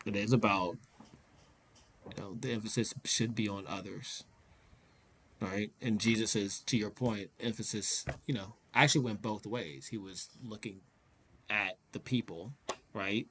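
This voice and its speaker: A man's voice: on the low side, measured pace, a bit bright, slight background noise. Emphatic man in a faith discussion. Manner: emphatic, agreeing, repeats himself. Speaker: discussion panelist.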